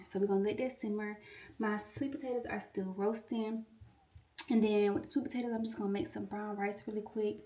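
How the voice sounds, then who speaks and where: A young woman in her twenties talks to her viewers in a relaxed, chatty way as she cooks in her home kitchen. She sits a little back from the microphone, so her voice sounds slightly distant. Her pitch sits in an ordinary middle range for a woman. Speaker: pharmacy student vlogger. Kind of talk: casual chat. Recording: voice a bit far from the mic.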